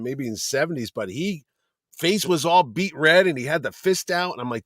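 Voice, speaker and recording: A middle-aged man, a convention producer, telling lively anecdotes as a guest and acting out the people he quotes. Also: fairly high pitch, a little fast, dry recording, clean studio sound. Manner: lively storyteller who acts out quoted people. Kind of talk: casual podcast chat, anecdotes.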